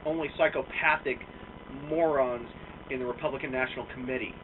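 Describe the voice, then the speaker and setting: A man's voice: mid-range voice, a little fast, noisy background. A man delivering a profane, exasperated political rant on a vlog, recorded with a muffled, phone-like sound from a distance. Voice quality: profane, animated, exasperated ranting. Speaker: vlogger.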